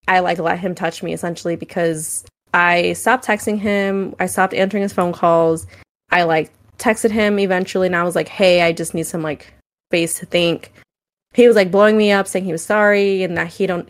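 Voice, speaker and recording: A young adult woman co-hosting a podcast, telling frank personal stories in casual chat, with many "like"s and "um"s. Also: on the low side. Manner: candid storytelling, frequent "like" and "um". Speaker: podcast co-host.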